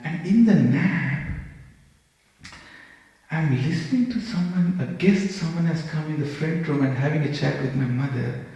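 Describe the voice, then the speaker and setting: Animated man telling stories in an echoey hall. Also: fairly high pitch, unhurried. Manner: animated storytelling, acts out quoted dialogue. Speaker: speaker giving a class. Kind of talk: storytelling sermon. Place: temple hall. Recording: echoey temple hall with long reverb.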